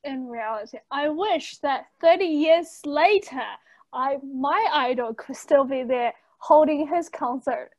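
High-voiced giggly woman. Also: unhurried, dry recording, poor audio. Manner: giggly, chatty, drifts quiet at times. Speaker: podcast co-host. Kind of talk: casual chat.

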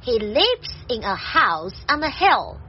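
High, lively woman teaching a children's story. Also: slow pace, dull audio, soft background music. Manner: clear, gentle teaching delivery. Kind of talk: children's story translation and vocabulary lesson.

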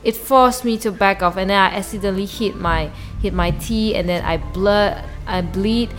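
A woman whose first language is Mandarin Chinese, hosting a solo diary podcast and talking haltingly as she searches for English words and restarts her sentences. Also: mid-range voice, soft background music. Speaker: podcast host.

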